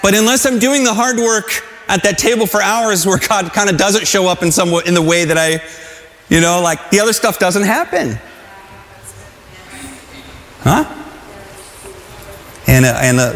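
A man preaching a sermon in an earnest, halting way, with restarts and calls that rise to shouts. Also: high voice, expressive, a little hiss or hum. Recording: long hall reverb.

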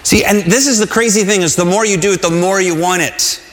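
Higher-voiced man preaching in a reverberant hall. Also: fairly quick, a bit bright, slight background noise. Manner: earnest, repeats phrases, calls the crowd to repeat. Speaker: pastor. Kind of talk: sermon.

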